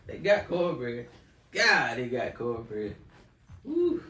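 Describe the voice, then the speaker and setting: A man co-hosting a relaxed podcast, slightly higher-pitched than most men, with a lively, swooping delivery. He sounds roomy and a little distant from the mic, with a faint hiss behind him. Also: moderate pace. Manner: animated, laughing storyteller. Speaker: podcast co-host. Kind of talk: casual chat.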